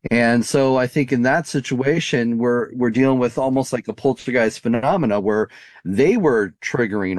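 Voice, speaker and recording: A man's voice: mid-range voice, a little mellow, dry recording. A man answering interview questions in a thoughtful, searching way, full of "you know" and "um". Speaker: paranormal investigator guest.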